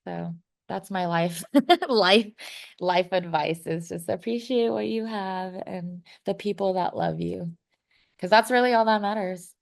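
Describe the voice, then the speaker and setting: A woman's voice: mid-range voice, measured pace, vocal fry. A woman in her thirties, a podcast guest, giving frank advice in casual chat, full of "you know" and "like" fillers.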